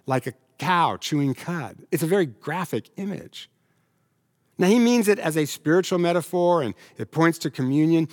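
A pastor preaching a sermon in a conversational, humorous way, now and then putting on complaining voices. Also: male voice, on the high side.

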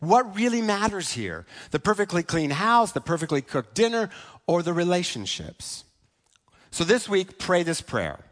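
A man preaching a sermon in a conversational way, often asking "right?" and slowing down for key points. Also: sits high, very animated, a bit bright. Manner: conversational, asks "right?" often, slows for emphasis. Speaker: pastor.

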